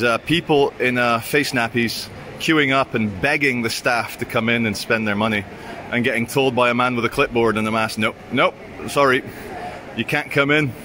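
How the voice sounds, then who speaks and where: Bright-voiced sardonic man vlogging. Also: mid-range voice, normal speed, a little hiss or hum. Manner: sardonic, ranting, crude. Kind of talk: walking vlog with sardonic commentary. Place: indoor shopping centre.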